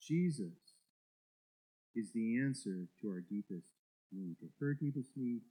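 A man's voice: medium pitch, lively intonation, measured pace, long pauses, dark tone, rough recording. A male pastor preaching a sermon, emphatic and repeating words as he builds each point.

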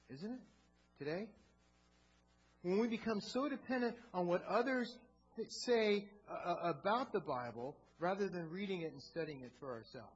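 High-voiced man preaching. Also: big pitch swings, normal speed, husky, lo-fi sound. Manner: earnest preaching with frequent word repeats. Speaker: pastor. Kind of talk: sermon.

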